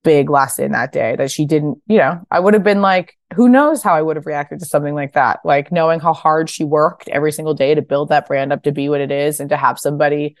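A woman in her thirties, a fashion founder guesting on a podcast, telling stories casually and acting out quotes with bursts of high voices. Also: fairly quick, hardly any pauses, no echo. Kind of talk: casual interview storytelling.

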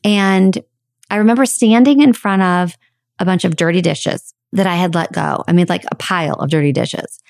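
A woman in her forties, a podcast host and life coach, telling a personal story in a candid, animated way with casual swearing. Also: fairly low pitch, moderate pace, vocal fry, dry recording, clean studio sound. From United States.

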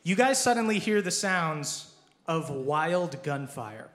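A man's voice: on the high side, animated, slow pace, a bit bright, reverberant, slight background noise. A man narrating a live tabletop game as game master, playful and laughing.

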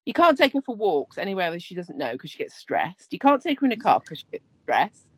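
A woman in her thirties from England, cohosting a podcast and telling funny stories in a sweary, animated way. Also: on the low side, a little fast, slightly rough, no echo. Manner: sweary, animated, jumps into quoted voices. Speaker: podcast co-host. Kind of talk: casual chat, comic storytelling.

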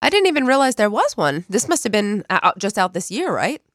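A woman's voice: medium pitch, sing-song, a little fast, no room sound, clean studio sound. A woman co-hosting a true-crime podcast, chatty and bubbly, her voice nasal from a cold. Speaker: podcast co-host.

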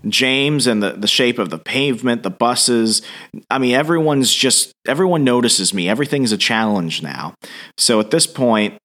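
A man's voice: on the low side, animated, normal speed, a bit bright. A man co-hosting a podcast, casually recapping a comic book story and acting out the characters' lines. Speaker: podcast co-host.

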